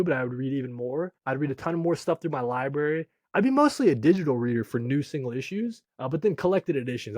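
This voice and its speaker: A young man hosting a casual comic review livestream, talking excitably and reading viewer comments, often saying "dude" and "bro". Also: a little high, dry recording, clean studio sound. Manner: excitable, says "dude" and "bro" a lot, jumps between calm and shouting.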